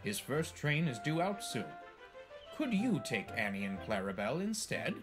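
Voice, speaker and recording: A man's voice: mid-range voice, very animated, normal speed, over music, close to an everyday voice. A man voicing a stern, portly male railway boss in a storybook, speaking firmly.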